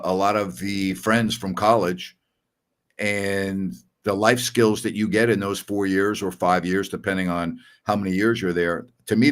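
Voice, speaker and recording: A man in his sixties from New York hosts a podcast, his voice low with a fairly bright tone. He tells rambling stories in a casual, chatty way and chuckles often.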